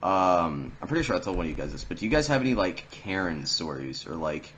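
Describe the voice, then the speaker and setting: A man's voice: deep voice, big pitch swings, quick pace, a bit bright, slight background noise. A teenage man on a podcast, telling a story in casual chat, rambling with lots of fillers and swearing freely. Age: teens. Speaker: podcast host.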